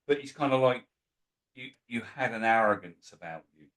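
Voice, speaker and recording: A man, a podcast guest telling stories in a lively, anecdotal way. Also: mid-range voice, moderate pace, poor audio. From England. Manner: lively anecdotal, acts out quoted voices. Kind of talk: casual storytelling.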